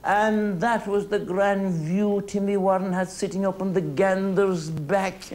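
A lilting Irish seanchaí-style teller spinning a comic folk tale in rolling, rhythmic phrases. His voice sits a little high for a man, and he leans into humour and long strings of "and he..." clauses. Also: fairly even intonation, a little slow, darkish tone. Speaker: storyteller. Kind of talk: traditional oral storytelling.

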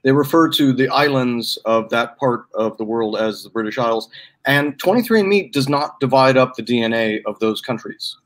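A man's voice: medium pitch, lively intonation, normal speed, fairly bright tone. A man in casual chat, playful and teasing, stretching out each reveal. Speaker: guest presenter.

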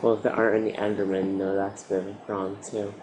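A lower-voiced man narrating his survival game run, swinging from quiet muttering to sudden excited shouts at the monsters. His voice sits over a clearly audible noise floor, like a home setup. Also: fast talker. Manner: excitable, yelling at mobs, frequent outbursts. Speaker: gaming commentator. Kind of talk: Minecraft let's play commentary.

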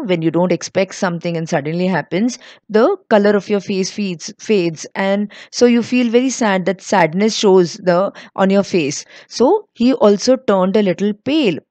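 A woman's voice: medium pitch, darkish tone, no room sound. A woman teacher reads a story aloud line by line and explains what the words mean. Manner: reads lines then explains word meanings.

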